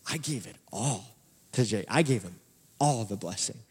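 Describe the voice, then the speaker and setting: A preacher voicing Isaac, an old father speaking in a low, resigned way. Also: animated, normal speed, husky. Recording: long hall reverb.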